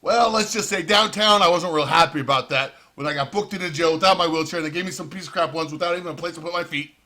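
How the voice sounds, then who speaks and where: A man's voice: fairly high pitch, fast talker, bright, forceful tone. A man ranting in profane, heated commentary with sarcastic outbursts. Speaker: vlogger.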